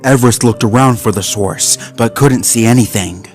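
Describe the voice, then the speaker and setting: A man narrating a suspenseful animal story in a measured, scripted way. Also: medium pitch, darkish tone, soft background music.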